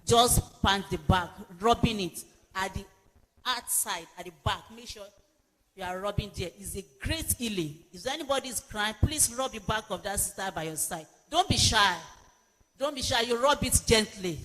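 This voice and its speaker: A woman's voice: mid-range voice, animated, normal speed, a bit bright. A woman giving a sermon-like counselling talk, repeating her exhortations emphatically. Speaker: pastor and speaker. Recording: long hall reverb.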